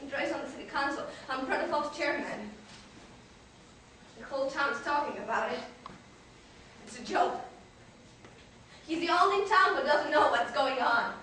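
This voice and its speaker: A woman's voice: high-pitched, expressive, moderate pace, pauses often, bright, forceful tone. A teenage girl acting a despairing young woman in a school play, often laughing hysterically through her lines. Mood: bitter gossip. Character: despairing young woman near twenty-four, restless. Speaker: student actor. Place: school theater stage. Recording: echoey stage, far mic, faint noise.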